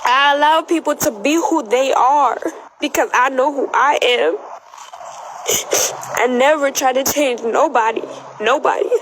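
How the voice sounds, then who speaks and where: Tearful young woman, high voice, defiant, repetitive, phone livestream. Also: a little slow, long pauses, fairly bright tone, slight background noise, low-quality recording. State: crying. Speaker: social media livestreamer. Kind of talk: emotional livestream monologue.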